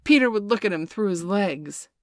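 A woman doing a high, frantic young boy. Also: very animated, measured pace, creaky, no room sound, studio quality, heavily acted. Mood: excited. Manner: high, urgent crying out. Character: frightened young boy from the story.

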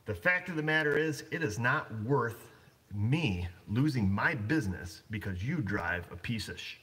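A man's voice: medium pitch, expressive, normal speed, pushed and bright. Blunt rambling man in a garage. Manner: blunt, rambling, lots of fillers. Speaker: auto shop owner. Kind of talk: casual livestream chat. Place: auto repair shop.

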